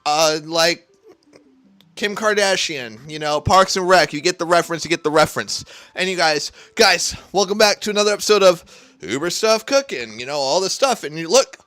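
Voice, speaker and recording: Recorded via a neck-mounted camera in his home kitchen, this young man runs a casual cooking livestream, sounding hyped while he rambles and swears frequently. He speaks at a normal speed on the high side, with lively intonation and a fairly bright tone.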